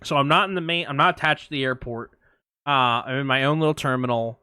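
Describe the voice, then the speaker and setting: Bright, lively man telling stories. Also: medium pitch, quick pace, no room sound, clean studio sound. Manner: animated storyteller, acts out voices and sirens. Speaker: podcast co-host. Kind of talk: casual storytelling chat.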